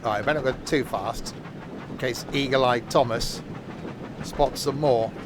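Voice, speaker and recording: A man's voice: medium pitch, measured pace, noisy background. A man chatting casually while live-streaming a train game, with joking asides.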